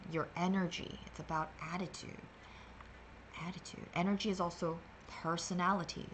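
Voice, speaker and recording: A woman's voice: lowish voice, steady tone, moderate pace, slight background noise. A woman hosting a meditation livestream, talking casually and sassily through a card reading, rambling with playful filler sounds.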